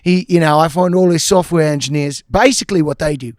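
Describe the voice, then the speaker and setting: A man's voice: on the high side, fast talker, dry recording, studio quality, lightly acted. A man putting on a crude, swaggering drunk from South London who boasts about weapons work. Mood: boastful. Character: boastful male London arms-industry drunk.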